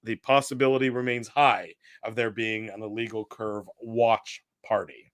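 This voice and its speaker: A man's voice: lowish voice, fairly even intonation, moderate pace, fairly bright tone, clean tone, no room sound, clean studio sound. A middle-aged man hosting a hockey post-game talk show, chatting casually and reading out quotes with asides. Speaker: podcast host.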